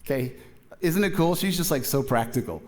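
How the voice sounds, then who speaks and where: Animated storytelling man preaching. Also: a little high, moderate pace. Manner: animated storytelling, acting out both sides of a dialogue; casual, chatty, with many fillers and asides. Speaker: pastor. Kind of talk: sermon.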